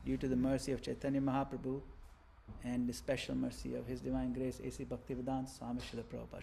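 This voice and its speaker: A man's voice: medium pitch, vocal fry, slightly rough. Man telling a story with dramatic flair. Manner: vivid, theatrical narration with swings in loudness. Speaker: religious teacher.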